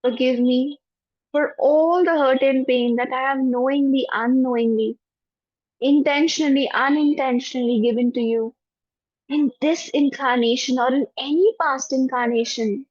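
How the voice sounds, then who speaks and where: A woman with an Indian English accent, a spiritual teacher leading an online class and a guided forgiveness meditation in a gentle, soothing voice. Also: high voice, steady tone, no echo. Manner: gentle, soothing, repeats phrases slowly. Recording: dull, dry lo-fi audio.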